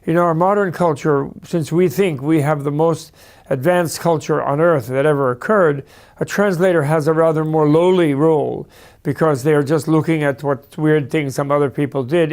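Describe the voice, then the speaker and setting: A man's voice: a little high, darkish tone. A man lecturing in a discursive, anecdotal way, with asides and small stories. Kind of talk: storytelling lecture.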